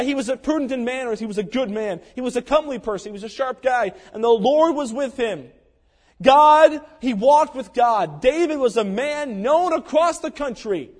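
A man preaching a sermon, telling a story dramatically and swinging between loud passages and hushed ones. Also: high voice. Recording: long hall reverb.

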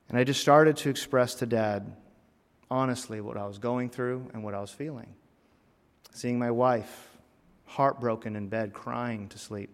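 A man preaching a personal sermon in a church, earnest, rising to emphatic lines and dropping to hushed, heavy phrases. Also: on the low side. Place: church sanctuary. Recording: long reverb of a church hall.

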